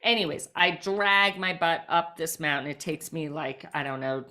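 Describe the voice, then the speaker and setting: A woman guest on a podcast, telling a personal story with lively energy and lots of "like" fillers. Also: sits low, moderate pace. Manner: frequent "like" fillers, lively retelling.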